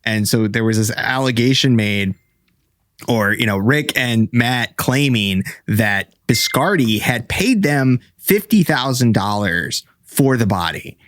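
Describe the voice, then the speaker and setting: A man's voice: medium pitch, expressive, takes it slowly, a bit bright, dry recording, studio quality. A man co-hosting a casual podcast, recapping a story with many fillers. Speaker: podcast co-host. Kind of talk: casual chat.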